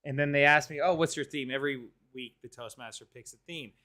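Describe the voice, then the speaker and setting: A man co-hosting a casual movie talk show, telling scenes with lively impressions. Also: medium pitch, quick pace. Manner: animated, bursts into exaggerated impressions while retelling scenes. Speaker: co-host. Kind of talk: casual chat.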